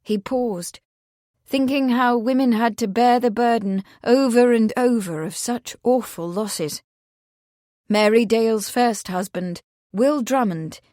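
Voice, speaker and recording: A woman narrating a mystery audiobook in a steady, measured storytelling manner. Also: on the high side, no echo, studio quality.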